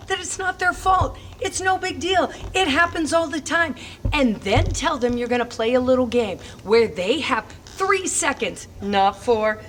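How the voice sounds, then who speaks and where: A middle-aged woman skating coach talks parents through teaching their kids, upbeat and emphatic, with chanted cheers. Her voice sits a touch high. She is a little distant from the mic, with a faint noise floor behind her. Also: a bit bright. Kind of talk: instructional talk to parents. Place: roller rink.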